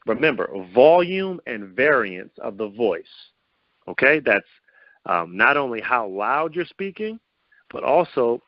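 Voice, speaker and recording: An upbeat male coach talks through a group call with lively pitch swings, peppering his listeners with rhetorical questions. His voice has a medium pitch and comes over dull, lo-fi phone-call audio with a dry, close sound. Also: a little slow, no room sound. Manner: lively pitch swings to show vocal variety. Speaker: host of a confidence coaching call. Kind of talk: motivational teleconference talk.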